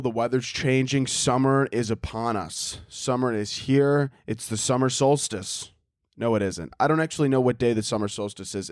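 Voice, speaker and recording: A man's voice: mid-range voice, darkish tone, no echo, clean studio sound. A young man hosting a solo podcast, rambling and joking crudely, often laughing at his own bits and slipping into mock voices. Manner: mock posh voices for imagined waiters. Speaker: podcast host. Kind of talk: casual solo podcast rant.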